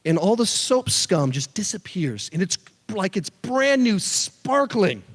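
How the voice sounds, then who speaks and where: A youth pastor delivers a sermon with a light, high-pitched voice that swoops up and down as he tells his stories. He keeps it animated and throws in joking asides. The sound rings with the long reverb of a big church hall. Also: measured pace. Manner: animated storyteller, jokey asides. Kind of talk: sermon to a student audience.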